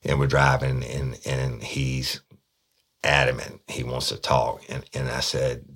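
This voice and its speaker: A police detective tells a story from his work, casual and blunt, swearing freely and tripping over repeated words. His extremely low voice is husky and a bit bright, delivered flat and unhurried.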